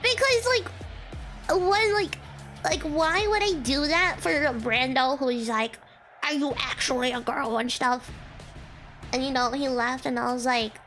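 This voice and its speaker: A woman's voice: high voice, unhurried, a bit bright, faint music behind. A young woman VTuber streamer chatting casually with her audience, telling stories with frequent giggles.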